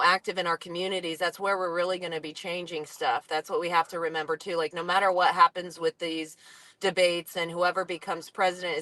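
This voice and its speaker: An earnest speaker chats on a livestream with frequent filler ums. The tone is bright and forward and the delivery stays fairly flat. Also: medium pitch. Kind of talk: casual livestream chat.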